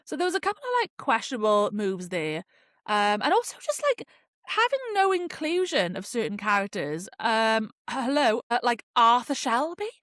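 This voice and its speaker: A woman's voice: on the high side, big pitch swings, normal speed, a bit bright, no room sound, studio quality. A woman hosting a podcast, chatting casually and expressively, with slang and swearing. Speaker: podcast host. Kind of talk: casual chat review.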